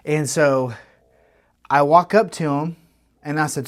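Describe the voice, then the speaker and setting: A man, co-hosting a podcast and telling a long story in a casual, animated way with lots of restarts. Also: on the high side, slow pace. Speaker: podcast co-host. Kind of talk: casual chat.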